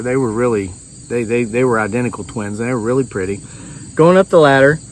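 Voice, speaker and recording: A man telling a tall tale in a folksy, rambling drawl. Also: medium pitch. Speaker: storyteller.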